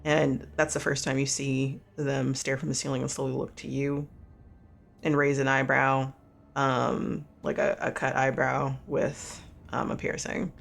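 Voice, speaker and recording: Game master, male, gravelly, meandering narration for a tabletop game. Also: mid-range voice, monotone, a little slow, fairly bright tone, a little hiss or hum. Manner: rambling, many fillers and restarts.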